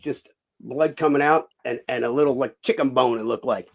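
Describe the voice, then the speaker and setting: A man, a former boxer and cut man, telling animated stories as a guest in a casual interview and swearing freely. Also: mid-range voice, moderate pace, vocal fry. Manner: animated storyteller who acts out other people's lines and swears freely.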